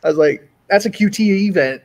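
A man co-hosting a casual gaming podcast, enthusiastic and profane, with halting restarts. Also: high voice, darkish tone.

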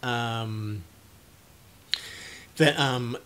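A young man giving casual advice to camera, speaking haltingly with many fillers and restarts, and growing animated when he acts out an excited parent. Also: mid-range voice. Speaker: video presenter on cluttering.

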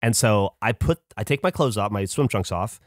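A man on a podcast spinning a story in loose, casual chat, his pitch jumping all over as he gets into it. He swears freely and keeps the energy up. The sound is dry and close, with no room around it. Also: expressive, moderate pace, no room sound. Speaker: podcast co-host.

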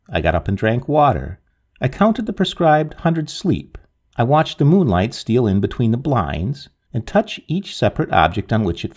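A man reading a Victorian ghost story aloud with a dramatic, expressive delivery. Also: medium pitch, husky.

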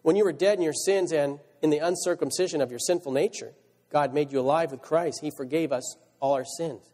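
A man's voice: fairly high pitch, fairly quick, dark tone. A male pastor preaching a sermon, reading scripture aloud and asking rhetorical questions. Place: church sanctuary. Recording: church hall reverb.

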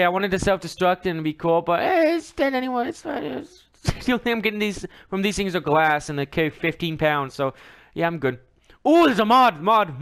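Excitable guy doing let's play commentary, high voice that jumps all over, yells at the game a lot. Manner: excitable, shrieks and laughs while talking to the game. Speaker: gamer.

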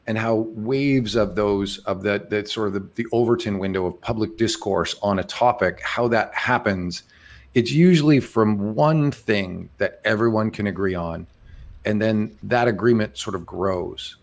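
A man's voice: lowish voice, unhurried. A man hosting a casual interview, eagerly jumping in and often restarting his phrases as he reacts. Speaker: podcast host.

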